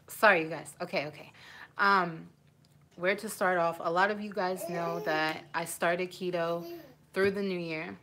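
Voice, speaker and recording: Slightly slow and sharp in tone, her low-ish voice holds a fairly even intonation, with a little hiss or hum in the audio. She's a vlogger in her twenties on a casual home live stream via phone, rambling emotionally and breaking off mid-thought.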